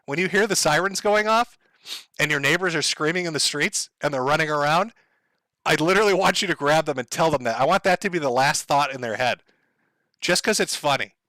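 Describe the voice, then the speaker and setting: A man's voice: on the high side, bright, forceful tone, dry recording. A man rambling sardonically through a casual livestream monologue, swearing freely and laughing often. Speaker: streamer.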